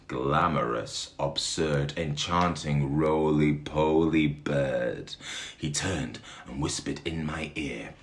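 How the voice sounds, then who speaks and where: A man reading a rhyming story aloud in a dramatic, animated way, chuckling along with it. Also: very deep voice, takes it slowly.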